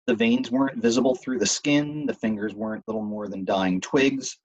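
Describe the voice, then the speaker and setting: Husky male storyteller. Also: mid-range voice, moderate pace, rough recording. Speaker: reader. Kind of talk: audiobook reading.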